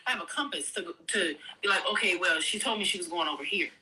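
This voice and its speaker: A woman's voice: lowish voice, quick pace, pushed and bright, slight background noise, poor audio. A woman venting in exasperation, swearing heavily.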